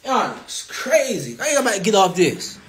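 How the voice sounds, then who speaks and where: A man's voice: high voice, very animated, brisk, fairly bright tone, slight background noise. A young man trash-talking rivals on a phone live stream, brash and taunting, often laughing and repeating himself. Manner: brash, taunting, repetitive, laughs mid-sentence. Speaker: boxer on a social media live stream.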